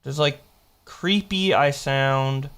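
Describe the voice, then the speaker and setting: A man's voice: medium pitch, slow pace, a bit bright, smooth. A man giving casual live-stream commentary, rambling through chat logs and mocking the quotes as he reads them aloud. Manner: rambling, restarts while checking dates.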